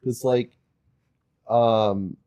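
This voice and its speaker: Man, podcast co-host, joking banter, mellow dark tone, dry sound. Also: mid-range voice, steady tone, drawn-out words, dry recording. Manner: joking, laid-back interjections.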